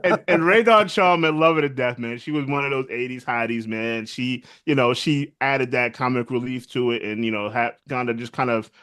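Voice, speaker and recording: A man's voice: medium pitch, normal speed, few pauses, fairly bright tone, clean tone. A man co-hosting a casual movie review podcast, laid-back, tagging his sentences with "man" and "right?". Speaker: podcast co-host.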